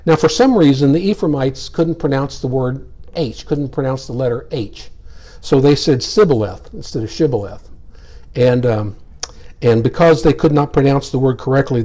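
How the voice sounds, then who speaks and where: A man's voice: mid-range voice, mellow. An older man teaching a casual Bible class, folksy and rambling, chuckling as he explains.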